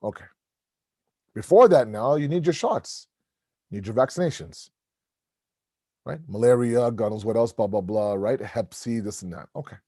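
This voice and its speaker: In a mosque hall, a middle-aged man gives a conversational sermon, telling stories in a relaxed, animated way and slipping into the voices of his children and the doctor. His medium-pitched voice is mellow and warm, at a moderate pace with frequent pauses, and the sound is close and dry with little room echo.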